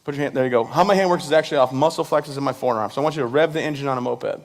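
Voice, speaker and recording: In his thirties, a man gives a joking speech to a live audience, playfully acting out the voices of the people he quotes. His pitch sits in the middle, and he talks very fast.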